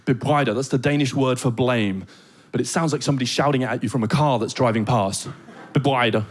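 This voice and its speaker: A British man doing a stand-up comedy set on a theater stage, telling animated stories full of comic voices and mock Danish. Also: medium pitch, quick pace. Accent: British English. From Britain. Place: theater stage before a live audience.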